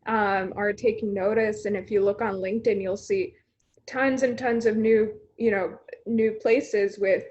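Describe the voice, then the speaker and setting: A woman's voice: mid-range voice, steady tone, normal speed, slight background noise. Female panel host on a video call, conversational, with a slightly dull, muffled signal. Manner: conversational, many fillers. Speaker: panel host, news editor.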